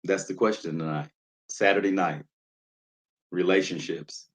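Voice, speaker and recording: A man's voice: deep voice, fairly even intonation, unhurried. A man hosting a casual livestream, talking loosely with lots of fillers and greeting viewers in the chat by name. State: nervous, jittery. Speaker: livestream host.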